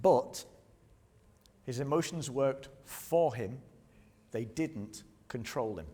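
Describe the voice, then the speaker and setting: A man preaching a sermon as pastor, talking to the congregation in a lively, conversational way with plenty of rhetorical questions. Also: medium pitch, slow pace, in a large hall. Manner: leads the congregation in call-and-response. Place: church hall.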